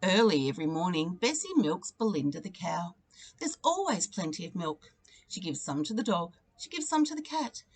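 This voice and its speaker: A teacher reading a children's picture book aloud, telling the story expressively and leaning into its repeated refrains. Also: female voice, fairly low pitch, breathy edge.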